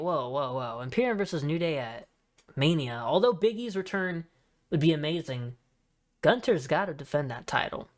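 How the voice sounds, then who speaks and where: A man hosting a podcast in a casual solo chat, talking in an excitable, rambling way with many asides. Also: a little high. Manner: excitable, rambling fan talk with frequent fillers and asides. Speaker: wrestling podcast host.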